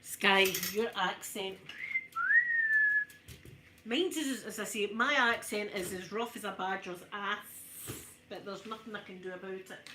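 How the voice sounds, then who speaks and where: A Glaswegian woman in her fifties, chatting softly in an ASMR video while ironing, telling lively stories and answering viewers in broad Scots. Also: medium pitch, measured pace, long pauses, noisy background. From Scotland. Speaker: ASMR creator. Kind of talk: soft-spoken ASMR chat while ironing.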